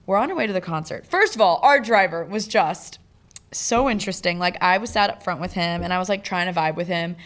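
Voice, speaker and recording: A young woman co-hosting a podcast, telling a travel story in lively casual chat and acting out the people she quotes. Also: lowish voice, fairly quick. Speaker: podcast co-host.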